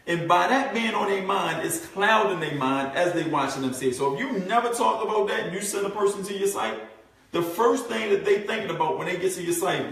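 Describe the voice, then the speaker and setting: A man coaching a group on marketing, talking in a fairly high voice and acting out his prospects' thoughts. He keeps checking in with "right?" and repeats his points. The sound is heavily echoey, with the mic set well away from him. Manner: animated, acts out prospects' thoughts; repetitive, asks "right?" often. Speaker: network marketing trainer. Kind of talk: live group coaching session. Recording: very echoey room, mic far off.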